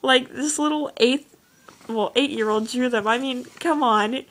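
Showing her drawings to the camera, a teenage girl vlogger rambles and gushes in casual chat, full of "like" and "oh my gosh." She has a high voice at a moderate pace, captured on poor-quality audio.

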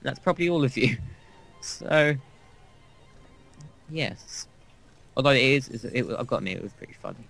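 A man's voice: medium pitch, animated, normal speed, vocal fry, pauses often, fairly bright tone, faint music behind. A man co-hosting a game playthrough, telling a long, crude anecdote in a rambling, casual way. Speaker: gaming co-host. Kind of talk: casual gameplay chat.

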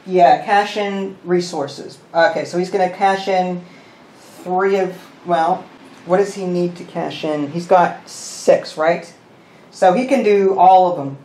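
A man hosting a board game session, explaining the rules and counting pieces out loud as he plays. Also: sits high, steady tone, takes it slowly. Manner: thinks aloud, counting pieces and muttering rules. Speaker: host. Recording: roomy room with faint noise.

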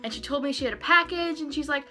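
A woman vlogger opening fan mail in a casual chat, excitable and gushing, laughing often. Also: high-pitched, fast talker, faint music behind. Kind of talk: casual unboxing vlog.

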